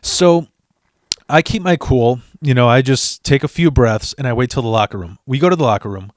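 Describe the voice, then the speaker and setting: A podcast host tells a story in a fired-up, profane way, tripping over restarts as he talks casually. His voice is mid-range at a moderate pace, recorded on a studio mic with studio quality and no echo.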